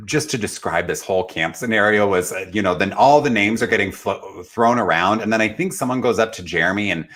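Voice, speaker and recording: Man, casual recap co-host, lowish voice, bright tone, animated storytelling. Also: brisk, few pauses.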